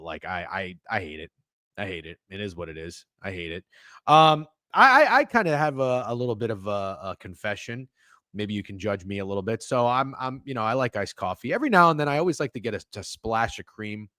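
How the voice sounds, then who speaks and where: A male stream host in loose, casual banter. His voice bounces around a lot in pitch as he jokes and curses. The sound is dry, with no room echo. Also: a bit bright. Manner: rambling, profane, jokey banter reacting to chat. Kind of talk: casual chat on a live stream.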